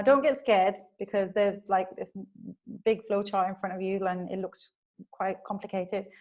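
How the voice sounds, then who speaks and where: A woman's voice: medium pitch, a little mellow. Woman presenting a webinar in a conversational way. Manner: conversational, with frequent "um" and "like"; acts out people's reactions in quoted voices. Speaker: webinar presenter on emotions in business. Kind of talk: explanatory webinar talk.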